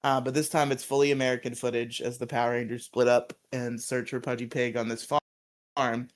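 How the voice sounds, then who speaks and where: A man's voice: medium pitch, flat delivery, moderate pace. A man co-hosting a podcast and recapping an episode in a loose, casual chat, laughing often. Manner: laughs often, quotes characters in put-on voices. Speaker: podcast co-host.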